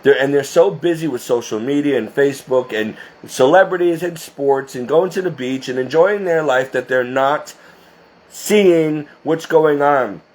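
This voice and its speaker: A man's voice: mid-range voice, unhurried, darkish tone. A man talking straight to his viewers in an impassioned religious monologue, emphatic and scolding. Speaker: Catholic video blogger.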